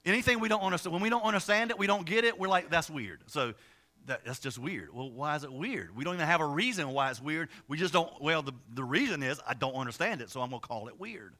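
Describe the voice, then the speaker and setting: A man preaching a sermon as pastor, talking in a quick, conversational way with many restarts, jokes and asides. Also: on the high side, expressive, sharp tone.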